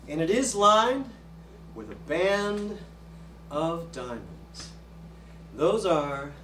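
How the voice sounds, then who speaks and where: An actor playing a jittery middle-aged man with vocal tics, a former infomercial pitchman, in a live theater monologue; he stammers and repeats words. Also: noisy background, heavily acted. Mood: salesy. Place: small theater stage. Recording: echoey live theater from far off.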